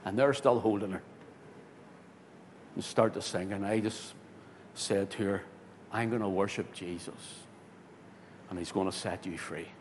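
A man, a pastor telling a story in a sermon, swinging from loud, excited bursts to hushed tones. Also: a little slow, pauses often. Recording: hall reverb with faint rumble.

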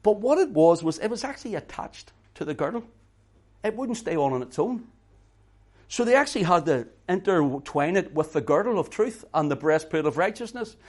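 A middle-aged preacher with a high voice and lively intonation speaks at a moderate pace. He alternates hushed, intimate talk with loud emphatic preaching and repeats words to stress them.

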